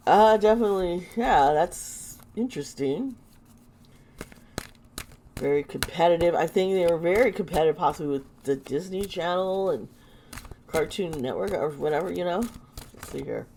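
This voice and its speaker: A woman with a sore throat doing a casual tarot reading, halting and exclaiming as she turns the cards. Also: fairly low pitch, lively intonation, warm tone, slight background noise. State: sore throat, lozenge in mouth. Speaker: tarot reader and channel host.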